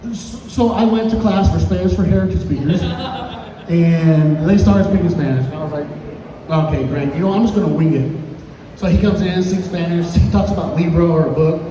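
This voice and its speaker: A man in his thirties doing an open mic stand-up set, telling stories and acting out quotes with big jumps in pitch. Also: a little fast, a crowd in the background. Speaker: stand-up comedian. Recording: echoey hall from far off, faint room noise.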